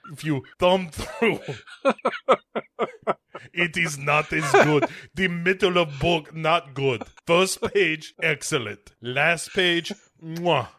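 A man's voice: a little high, slow, bright, forceful tone, dry recording, voice pushed up. A man doing a fussy man in broken English. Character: secretive man in broken English guarding a book.

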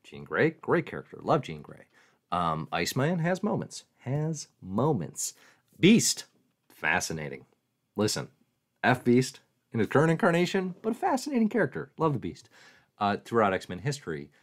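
A man's voice: medium pitch, huge pitch swings, moderate pace. A man hosting a casual livestream, joking and mocking himself as he answers viewer questions aloud. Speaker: comics livestream host.

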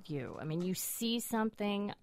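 A woman's voice: mid-range voice, very animated, normal speed, creaky, darkish tone. A woman on a podcast panel, blunt and exasperated. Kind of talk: casual panel chat.

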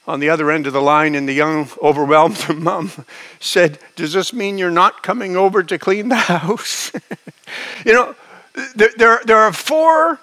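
A man's voice: sits high, bright, forceful tone. A male pastor giving a sermon in a conversational, folksy manner with chuckling asides.

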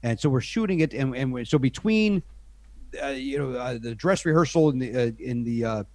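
A man's voice: medium pitch, animated, moderate pace, mellow, no room sound. A middle-aged man, a podcast guest, telling self-deprecating anecdotes in a rambling, casual way with lots of restarts.

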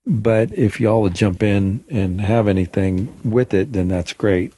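A man's voice: lowish voice, expressive, a little slow, warm tone, breathy edge. A man co-hosting a faith podcast, speaking loosely and hesitantly. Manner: loose, hesitant, many ums and uhs. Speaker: podcast co-host. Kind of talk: casual faith podcast talk.

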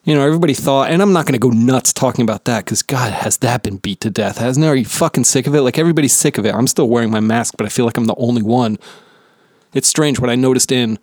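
A man's voice: medium pitch, quick pace, a little mellow, no room sound. Jersey guy in his 30s rambling and cursing on his podcast, dead dry close mic, mid voice. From New Jersey, USA. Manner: rambling, profane, self-deprecating. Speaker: podcast host. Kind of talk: casual solo podcast chat. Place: home basement.

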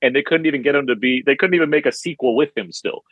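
A man's voice: mid-range voice, fast, husky, no room sound, phone-quality sound. A man guesting on a film podcast, chatty and laughing, often restarting his sentences. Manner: chatty, laughs a lot, stumbles and repeats words. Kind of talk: casual film podcast chat.

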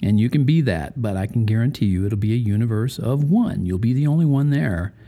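A man's voice: mid-range voice, animated, a little fast, dark tone. A man hosting a faith-based podcast, talking conversationally and putting rhetorical questions to the listener. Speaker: podcast host.

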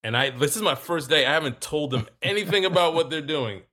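A man's voice: on the high side, a little fast. A man telling a story in casual talk, acting out both sides of a conversation. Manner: animated, acts out both sides of dialogue.

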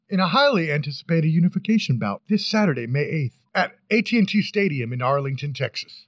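Hyped podcast host man, high voice. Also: sing-song, brisk, no room sound, lo-fi sound. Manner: playful, hyped, rambling. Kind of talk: casual podcast intro.

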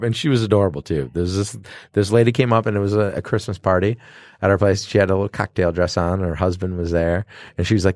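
A male bartender co-hosts a casual podcast on a close, dry mic. His voice sits on the low side but swings widely in pitch as he tells animated stories and acts out his customers. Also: quick pace, no room sound.

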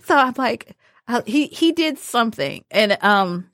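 A woman's voice: a little high, unhurried, no room sound, clean studio sound. A woman hosting a podcast and telling teaching stories in a casual chat, laughing often. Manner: laughs often, animated storytelling. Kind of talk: casual conversation.

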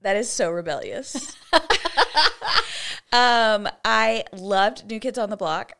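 A woman's voice: mid-range voice, takes it slowly, creaky, a bit bright. A woman in her forties co-hosting a podcast, chatting casually and laughing often. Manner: giggly, chatty, quotes movie lines in put-on voices. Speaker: podcast co-host. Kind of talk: casual chat.

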